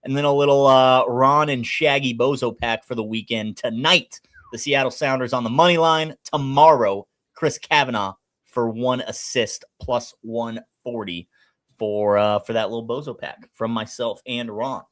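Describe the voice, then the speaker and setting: A man's voice: mid-range voice, normal speed, fairly bright tone. Man, sports betting host, casual chat, upbeat, mid-range voice. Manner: upbeat, chatty, hypes picks to viewers.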